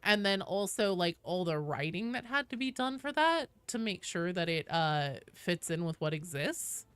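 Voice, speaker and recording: In her home office with the door closed, a young woman streams a game, chatting easily with viewers and her cat while reading out the queue. Her voice is on the low side, very animated, slightly bright, clear and resonant, at normal speed and without echo.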